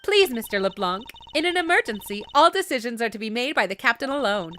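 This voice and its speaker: A woman's voice: a little high, animated, fast talker, bright, forceful tone, a little hiss or hum. A woman voicing a polite, proper female flight attendant in a formal, courteous way.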